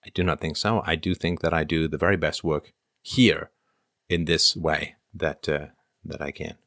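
The clip is a casual livestream where a middle-aged Canadian host reads super chats and comments aloud and answers questions, conversational and full of ums and uhs. He has a bass voice with little pitch movement, normal speed and a fairly bright tone. It's studio quality, with no echo.

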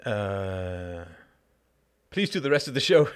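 A man's voice: medium pitch, big pitch swings, unhurried, long pauses. A man hosting a live call-in show, delivering a heated monologue in an emphatic, blunt and profane way, with sardonic asides and rhetorical questions.

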